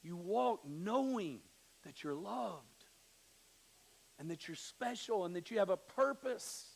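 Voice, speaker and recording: A middle-aged man preaching from a church pulpit, his voice sitting high for a man and carrying a gravelly edge. He swings from hushed scripture reading to emphatic declarations and acts out little stories with quoted voices. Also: lively intonation, takes it slowly, rough recording. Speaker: pastor. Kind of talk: sermon. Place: church sanctuary.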